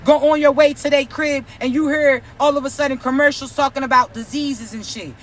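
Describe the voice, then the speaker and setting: A spiritual reader with a high-pitched voice rants out a spiritual warning, with slight background noise behind her. Her reading takes the form of a teasing scolding, brash and full of profanity.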